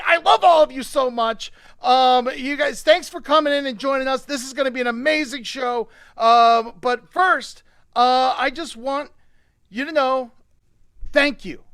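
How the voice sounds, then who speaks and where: A man with a high, bright, forceful voice hosts a live-streamed comedy show. He rants with loose profanity, dropping to mutters and then bursting into shouts. The sound is close and dry, with no room around it. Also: normal speed, creaky, no echo. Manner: profane, excitable ranting that swings between quiet asides and shouting. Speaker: show host.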